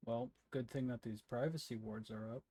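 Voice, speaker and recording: Laid-back male player, middle pitch, casual role-play. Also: steady tone, normal speed, mellow.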